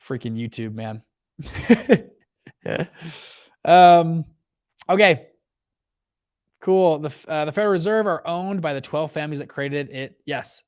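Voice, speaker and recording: Animated man ranting about markets. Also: a little high, measured pace, pauses often, clear, resonant tone. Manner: animated, many restarts and acted quotes. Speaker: host, fund manager. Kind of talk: casual livestream rant.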